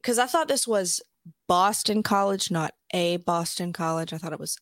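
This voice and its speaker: Profane, animated young woman podcaster. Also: on the low side, moderate pace, dry recording, studio quality. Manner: animated, profane, laughing retelling. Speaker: podcast co-host. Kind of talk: casual chat.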